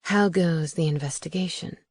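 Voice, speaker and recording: A woman narrator voicing a smooth, charming male vampire who speaks low and attentively. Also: normal speed, darkish tone, close to an everyday voice.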